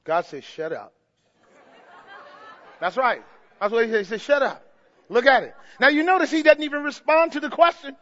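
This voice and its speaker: An older man, a pastor, preaching a sermon, swinging from quiet asides to shouted emphasis and playful mimicry. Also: extremely high pitch, fast talker, highs cut off, a faint crowd.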